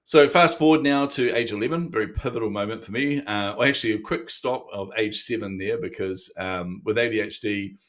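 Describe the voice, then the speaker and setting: A man's voice: on the low side, fairly quick, few pauses, fairly bright tone. A fifty-something man from New to match. He tells his own story as a podcast guest, candid and self-deprecating, often laughing at himself. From New Zealand. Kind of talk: interview storytelling.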